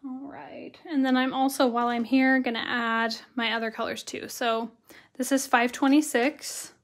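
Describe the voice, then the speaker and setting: A woman with a hoarse voice teaching watercolor on a live stream, chatty and greeting viewers by name as she works. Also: a little high, little pitch movement, moderate pace. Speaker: watercolor instructor. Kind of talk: live-stream craft tutorial.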